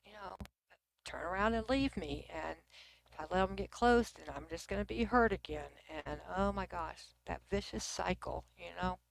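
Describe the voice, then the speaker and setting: A gravelly, medium-pitched voice at normal speed belongs to a middle-aged Texan woman hosting a casual livestream. She reads viewer comments and chats from her computer in her Texan accent, sometimes close to a whisper.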